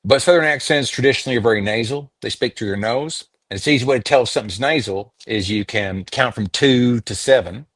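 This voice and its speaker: A man's voice: medium pitch, brisk, hardly any pauses, no echo. A middle-aged man from Canada, a voice actor talking casually in an interview and slipping into accent demonstrations. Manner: demonstrates accents, animated storyteller. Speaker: voice actor guest.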